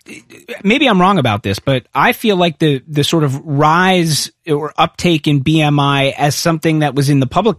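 A man hosting a live radio interview in a dry, close-miked studio. His voice sits a little high for a man, and he talks in a loose, conversational way, hedging with fillers as he thinks aloud. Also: no echo. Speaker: radio host.

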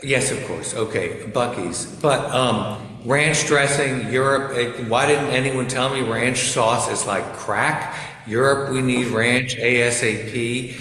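A man's voice: medium pitch, steady tone, slow pace, sharp tone. Wry man on a roomy video call. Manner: wry, amused. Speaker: guest commentator. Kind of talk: casual on-air chat. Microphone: remote video call. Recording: roomy video call audio, faint noise.

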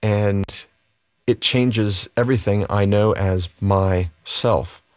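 A man giving reflective personal testimony in a halting, thoughtful way, with many pauses. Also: on the low side, darkish tone, no room sound. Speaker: interviewee.

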